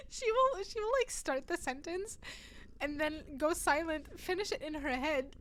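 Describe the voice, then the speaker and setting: A woman streamer chatting casually with her viewers, telling stories animatedly and laughing often. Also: high voice. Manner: giggly, animated storytelling. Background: faint cat purring sounds.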